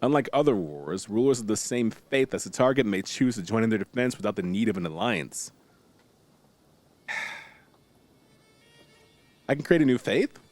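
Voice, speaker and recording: With soft music in the background, a man with a lowish voice talks at a moderate pace, pausing often. He's casually streaming a strategy game, reading the tutorial aloud, bantering with viewers, and letting out excited exclamations.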